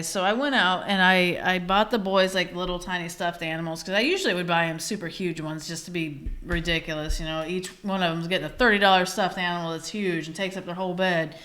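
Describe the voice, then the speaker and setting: A woman's voice: on the low side, fairly bright tone. A woman in her thirties co-hosting a podcast, telling a story in casual chat, laughing easily and swearing casually. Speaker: podcast co-host.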